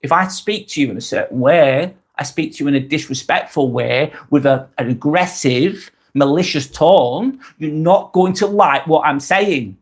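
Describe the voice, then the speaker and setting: Guy talking to camera about work stuff, kinda high voice, rambly, keeps repeating and restarting, says mate. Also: normal speed. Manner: uses mate in chatty address. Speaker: self-help video host. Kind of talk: casual advice monologue.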